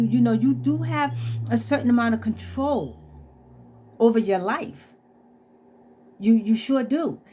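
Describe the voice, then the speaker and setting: A woman's voice: fairly low pitch, darkish tone, a little hiss or hum. A woman vlogger telling a personal story and preaching positive thinking in an earnest, heartfelt way. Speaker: inspirational vlogger. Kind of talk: casual inspirational monologue.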